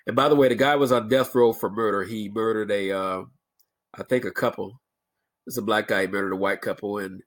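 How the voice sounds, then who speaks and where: A man's voice: mid-range voice, fairly bright tone. A man delivering a blunt, emphatic opinion rant as a vlogger, lecturing his viewers.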